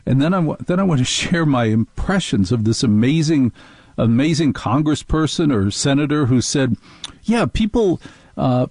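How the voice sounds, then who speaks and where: A man's voice: mid-range voice, a little mellow, dry recording. A man hosting a radio talk show, delivering an opinionated, sarcastic, rambling monologue into a studio microphone.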